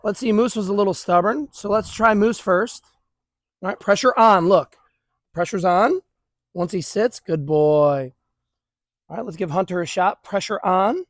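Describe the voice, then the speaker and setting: A man's voice: high-pitched, moderate pace, long pauses, no room sound. A man working as a dog trainer, explaining a leash exercise to viewers while praising and handling dogs outdoors. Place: outdoors near grass.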